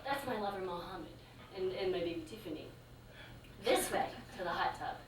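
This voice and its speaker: A woman's voice: lowish voice, normal speed, natural voice. Woman voicing a gushing, uninhibited yoga student. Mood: showing off. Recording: echoey, distant live stage recording with noise.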